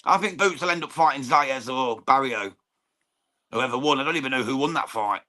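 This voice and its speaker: A medium-pitched male voice, fairly quick, pushed and bright. It belongs to an English watchalong host covering a live boxing match, who chats casually with viewers, often says "mate," swears freely, and talks through the fight.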